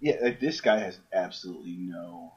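A man co-hosting a comic-book podcast, animated and acting out characters' lines in paraphrase. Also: low voice, moderate pace, husky. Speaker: podcast co-host. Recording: dull lo-fi mic.

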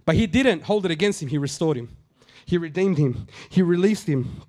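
A man's voice: on the high side, expressive, normal speed, a little mellow. A middle-aged man preaching a conversational sermon, repeating phrases for emphasis and acting out the quotes he tells. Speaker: pastor.

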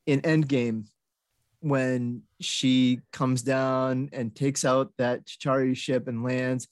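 A man's voice: mid-range voice, level tone, slow pace, no room sound. Blunt man on a dry mic. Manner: emphatic, blunt. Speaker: podcast co-host. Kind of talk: casual chat about movies.

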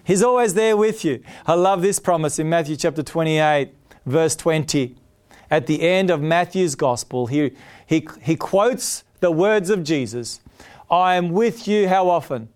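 A man's voice: a little high, unhurried, darkish tone. A man preaching a sermon, earnest and emphatic, often repeating his key phrases.

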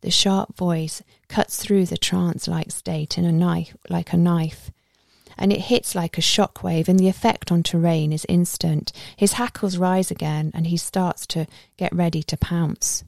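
Low, gravelly-voiced woman narrating a story. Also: no room sound, studio quality. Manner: steady, measured storytelling. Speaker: audiobook narrator. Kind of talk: first-person story narration.

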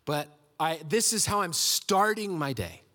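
A man's voice: fairly high pitch, sing-song, a little slow, sharp tone. A man preaching a sermon in a conversational, storytelling way, acting out quotes in his stories. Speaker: pastor.

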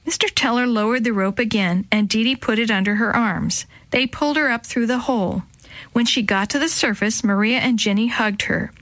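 A woman narrating a children's storybook, lifting her voice higher for the young characters' lines. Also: moderate pace, fairly bright tone, no room sound. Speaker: storybook reader.

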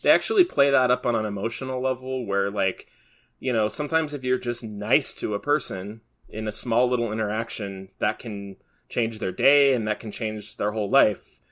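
Medium pitch, normal speed and a fairly bright tone mark this male podcast co-host. His casual chat rambles along, full of fillers and false starts.

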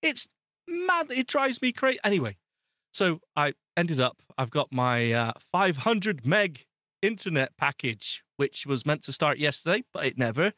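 A man's voice: fairly high pitch, very animated, measured pace, sharp tone, dry recording, studio quality. A man co-hosting a podcast, ranting with exasperation and laughing often in casual chat. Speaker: podcast co-host.

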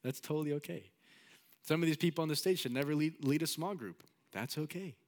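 A man's voice: fairly high pitch, brisk, darkish tone. A man preaching a sermon in a casual, storytelling manner, often repeating his phrases.

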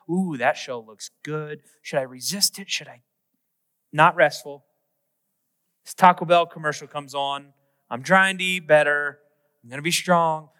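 A man's voice: on the high side, sharp tone. A man preaching a sermon as a pastor, talking in a conversational, self-mocking way with playful asides. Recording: echoey hall with long reverb.

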